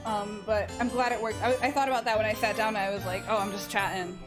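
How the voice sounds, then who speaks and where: Talking fast in a steady, mid-range voice, this early-twenties streamer rambles through a story for her chat and swears as she pleases. Loud background music runs under the whole casual recording.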